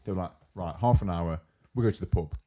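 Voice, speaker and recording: A young man with a low, deep voice chats on a casual podcast. He tells workplace stories with gusto, acting out his coworkers' lines and swearing freely. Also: quick pace, mellow, slight background noise. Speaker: podcast co-host. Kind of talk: casual chat.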